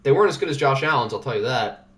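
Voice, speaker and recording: Rapid-fire and expressive, the medium-pitched male host has a fairly bright tone as he streams a simulated football league. He banters, cracks jokes, and muses out loud while reviewing results in loose sports sim commentary.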